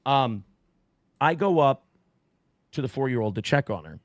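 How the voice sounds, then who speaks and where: A man casually telling a profane, animated story on a podcast, acting out quotes. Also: medium pitch, normal speed, no echo, studio quality. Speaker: guest storyteller.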